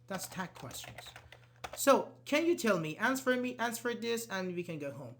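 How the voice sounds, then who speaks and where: A man's voice: high-pitched, very animated, normal speed, a bit bright, slight background noise. A man teaching English in a live online class, answering students' questions. He is not a native English speaker, uses loose grammar, and often repeats his words. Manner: casual, talks directly to students.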